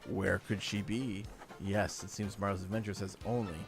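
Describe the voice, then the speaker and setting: A man voicing a grand, solemn storybook narrator with a deep, dramatic delivery. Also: flat delivery, normal speed, gravelly, music in the background.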